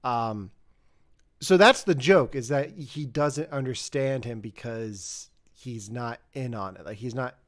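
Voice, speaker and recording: A man's voice: mid-range voice, takes it slowly. A man co-hosting a film podcast, talking in a loose, rambling way with frequent restarts. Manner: rambling, self-correcting, animated asides. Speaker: podcast co-host. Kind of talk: casual chat.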